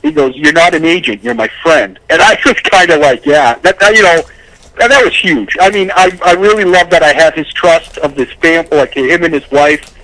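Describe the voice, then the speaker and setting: Casting: high-pitched man, rambling, stumbling over words, heartfelt casual chat. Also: normal speed, pushed and bright, no room sound, low-quality recording. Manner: rambling, repeats words, gets emotional. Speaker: podcast co-host, agent.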